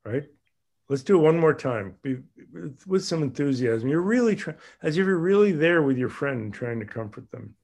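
Animated man leading a group exercise. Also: normal speed, vocal fry. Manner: animated, acts out voices with big pitch jumps. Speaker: group leader.

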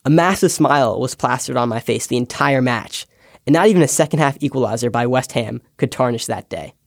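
A man's voice: mid-range voice, a little fast, creaky, dry recording. Young American man, scripted personal essay, wry storyteller, dry close mic. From United States. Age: young adult. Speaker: podcast intern.

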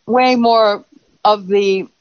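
A woman's voice: mid-range voice, very slow, clean tone, dry recording. A woman comedian guest telling rambling stories in casual interview chat. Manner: rambling, animated storyteller. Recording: dull lo-fi recording.

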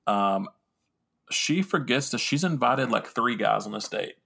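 A man's voice: mid-range voice, expressive, a little slow, creaky, pushed and bright, slightly rough. A young man hosting a podcast, telling a rambling, profane, self-mocking story in casual talk. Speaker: podcast host.

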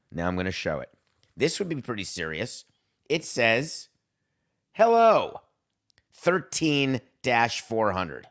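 A man with a somewhat low voice hosts a solo sports podcast into a studio mic. He talks wryly and theatrically, dropping dry asides and then hamming it up. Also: fairly bright tone. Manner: wry and theatrical, jumps between dry asides and mock-grand reading. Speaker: podcast host.

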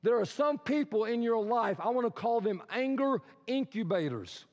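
A man's voice: very high-pitched, animated, moderate pace, darkish tone. A male pastor preaching a conversational sermon in a church sanctuary, with dramatic storytelling and rhetorical questions, recorded in a reverberant hall with dull, lo-fi sound.

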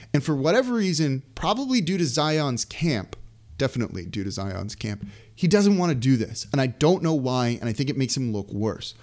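Animated man hosting a sports podcast. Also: fairly high pitch. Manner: animated, conversational, frequent asides. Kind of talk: casual solo commentary.

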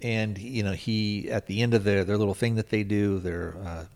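Podcast host, male, lowish voice, casual rambling plot recap full of fillers. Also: steady tone, moderate pace, gravelly, a little mellow. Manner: rambling, hedging with frequent filler words. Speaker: podcast host reviewing a film.

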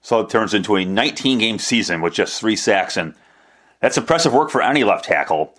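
A man with a somewhat low voice hosts a solo sports podcast. He talks in a chatty, rambling way, restarting his sentences and tossing in self-deprecating asides. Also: lively intonation, fairly quick, a bit bright. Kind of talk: casual solo podcast commentary.

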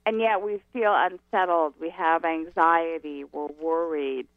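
A woman guest teaching about spirituality in a radio interview, speaking in a slow, emphatic way over a phone line. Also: low-pitched, steady tone, no echo.

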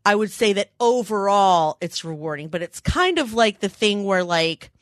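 A woman in her forties co-hosting a casual chat show, acting out quoted lines with big animated voices. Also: medium pitch, moderate pace, no room sound, clean studio sound. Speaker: podcast co-host.

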